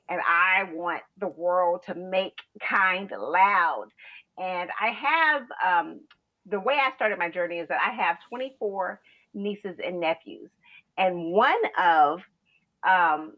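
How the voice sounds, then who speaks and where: A woman speaking as a guest over a video call, telling her story in an earnest, chatty way with frequent "you know"s. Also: on the low side. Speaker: guest, founder of a kindness initiative. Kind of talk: casual interview monologue. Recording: dull lo-fi video call audio.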